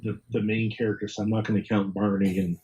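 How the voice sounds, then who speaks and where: A man's voice: fairly low pitch, level tone, fast talker, warm tone, muffled recording. A man being interviewed as an author and historian, talking casually, rambling, repeating words and chuckling often.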